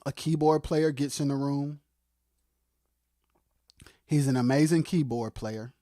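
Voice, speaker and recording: Livestream co-host, impassioned music commentary, unhurried delivery, repeats key words, swings between shouting and quiet asides, dry close sound. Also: no echo. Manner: gets fired up and shouts, then drops to quiet, low asides; repeats phrases for emphasis. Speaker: co-host of a live music talk stream.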